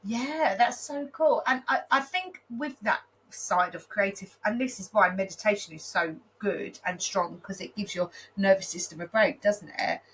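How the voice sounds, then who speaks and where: A woman's voice: medium pitch, moderate pace, few pauses, a bit bright, low-quality recording. Female podcast co-host, thirties, chatty and heartfelt, slight background noise. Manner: chatty, effusive, gets emotional and laughs. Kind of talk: casual chat.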